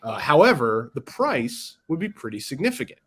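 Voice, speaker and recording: A man co-hosting a podcast in a loose, rambling way, stacking fillers and correcting himself in mid-thought. His voice is husky and slightly breathy, pitched in a typical middle range. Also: sing-song, moderate pace, a bit bright. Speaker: podcast co-host. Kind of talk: casual chat.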